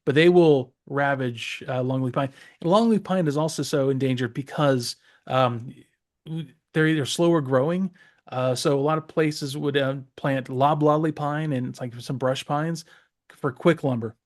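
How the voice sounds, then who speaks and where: A man's voice: medium pitch, moderate pace. A man from the Southeastern US co-hosting a casual podcast, rambling with many fillers and restarts. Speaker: podcast co-host. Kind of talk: casual chat.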